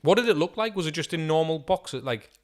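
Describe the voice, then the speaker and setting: A man hosting a podcast interview, firing short reactions and quick questions. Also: on the high side, animated. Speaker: podcast host.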